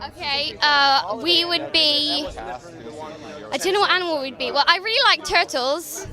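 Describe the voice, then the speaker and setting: A woman's voice: high-pitched, unhurried, crowd noise. A woman answering interview questions casually, thinking aloud and correcting herself. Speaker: cast member interviewee.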